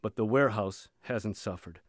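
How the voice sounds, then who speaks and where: A man reading aloud the quiet words of a weary prisoner father. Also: lowish voice, moderate pace, no echo, clean studio sound, natural voice. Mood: matter-of-fact.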